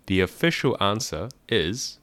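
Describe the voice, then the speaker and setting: Deep-voiced man explaining a language. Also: big pitch swings, unhurried, fairly bright tone, no echo, soft background music. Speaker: podcast host teaching about a language. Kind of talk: scripted explanatory podcast.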